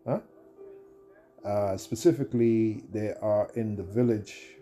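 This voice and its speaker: A low, dark-toned man in his fifties with a husky edge talks straight to camera in a loose, combative rant. He stumbles and restarts often as he goes. Faint music sits behind him. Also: fairly even intonation, takes it slowly, lo-fi sound. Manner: combative, rambling, frequent stammered restarts. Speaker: video commentator.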